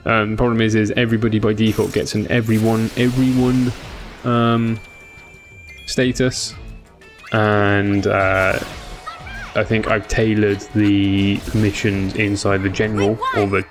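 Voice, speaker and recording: A man's voice: on the low side, flat delivery, measured pace, soft background music. A tired man chatting casually with viewers during a game stream, rambling with many fillers. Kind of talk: casual live-stream chat.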